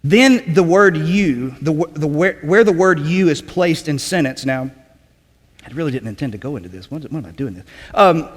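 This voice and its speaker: A man preaching a sermon in a conversational teaching way, often checking in with "okay?" and clearing his throat. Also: a little high, big-room sound. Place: church sanctuary.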